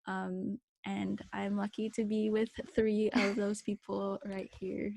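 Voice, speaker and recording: A woman's voice: medium pitch, takes it slowly, creaky, a little hiss or hum. A young woman co-hosting a podcast, telling a personal story in casual chat, full of fillers. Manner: animated storytelling, many fillers. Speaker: podcast co-host.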